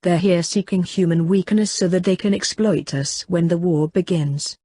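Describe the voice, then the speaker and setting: A woman reading the lines of a nerdy teenage boy who loves conspiracy theories, in an eager, slow and deliberate way, in an audiobook. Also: on the low side, fairly even intonation, mellow, breathy edge.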